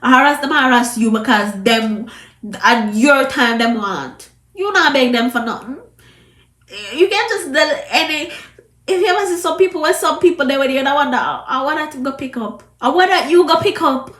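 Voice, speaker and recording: A woman's voice: sits high, animated, moderate pace, a bit bright, roomy sound. A Jamaican woman with a trace of a British accent, giving an emphatic, scolding commentary to camera in patois. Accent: Jamaican, with some British. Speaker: vlogger.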